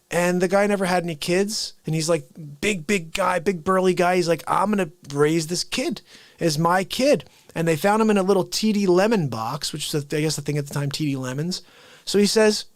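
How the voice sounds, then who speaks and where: Excitable man chatting on a livestream. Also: a little high, no room sound. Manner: excited storyteller, laughs often, acts out movie lines. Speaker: livestream host. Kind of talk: casual livestream chat.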